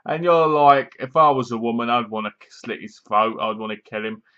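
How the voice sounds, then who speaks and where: A man's voice: mid-range voice, fairly quick, bright, forceful tone, clean tone. A man giving a casual, rambling film review from home, retelling scenes with acted-out lines and bursts of laughter. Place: home room, seated in a squeaky chair. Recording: dull lo-fi home recording.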